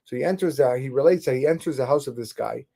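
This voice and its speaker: A man teaching a Torah class as a rabbi, retelling stories in an animated way with frequent restarts. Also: mid-range voice, quick pace, gravelly.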